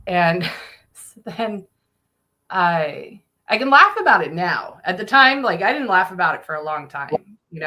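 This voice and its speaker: A woman casually telling a story on a podcast, animated, swearing and laughing as she goes. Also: lowish voice, moderate pace.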